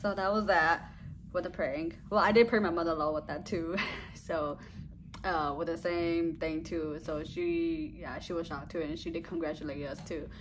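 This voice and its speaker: A woman's voice: low-pitched, steady tone, moderate pace, slight background noise. A young woman vlogging a casual story, rambling and giggly, often trailing off with "blah, blah, blah.".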